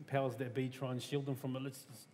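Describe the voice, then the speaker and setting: A man's voice: medium pitch, level tone, fast, darkish tone. A man with a New Zealand accent speaks on a panel in an emphatic, casual way. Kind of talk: panel discussion. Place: museum hall. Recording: reverberant hall, faint hiss.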